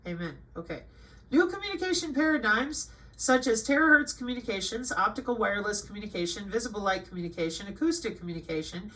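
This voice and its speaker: The recording is low quality. Her voice sits in the mid range: a middle-aged channel host working through a list aloud, swinging from monotone reading to loud, sarcastic scolding.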